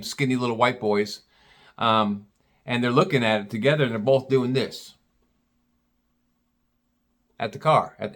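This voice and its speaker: A man's voice: mid-range voice, a bit bright. Rambling man telling a story. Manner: rambling, restarts, blunt swearing. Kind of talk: casual storytelling.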